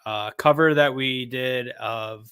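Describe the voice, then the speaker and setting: Musician guest, male. Crisp, resonant voice with a bright edge; relaxed, rambling plug. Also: medium pitch, slow. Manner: relaxed, chuckling, loose with fillers. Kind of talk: casual interview chat.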